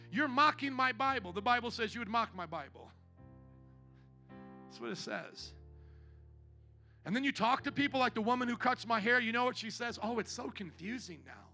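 A male pastor preaching a sermon in a church, theatrical and fiery, swinging between loud calls and quiet asides. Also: sits high. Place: church sanctuary.

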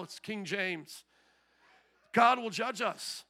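A man's voice: high voice, normal speed, bright, forceful tone. A man pastor preaching a sermon to his church, asking the crowd repeated rhetorical questions. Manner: preaching with rising intensity, repetitive rhetorical questions.

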